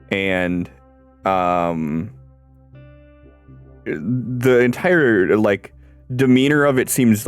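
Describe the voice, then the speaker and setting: A man narrates a tabletop role-playing game as its game master, and he pauses often on ums and uhs. He talks slowly in a low, smooth voice, with faint music behind him. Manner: halting, full of ums and uhs.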